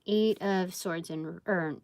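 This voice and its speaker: A woman's voice: on the low side, steady tone, a little slow, a little mellow, no echo. A woman giving a casual live tarot reading, rambling and thinking aloud with many fillers. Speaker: tarot reader.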